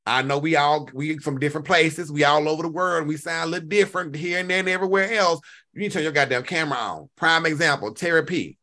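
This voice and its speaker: Brief: bright-voiced male co-host, lively gossip, high-pitched quoting. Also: fast. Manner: animated, swings pitch up when quoting others. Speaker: podcast co-host. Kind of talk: casual gossip chat.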